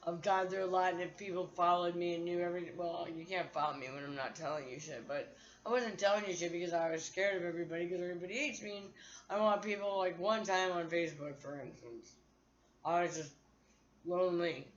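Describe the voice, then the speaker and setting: A woman's voice: fairly low pitch, fast, lo-fi sound. A woman vlogger talking to her phone in a candid, profane, rambling monologue.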